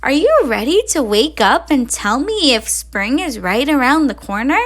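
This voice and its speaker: Woman putting on a storybook crow, male, rackety, rude, high, swooping. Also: sing-song, moderate pace.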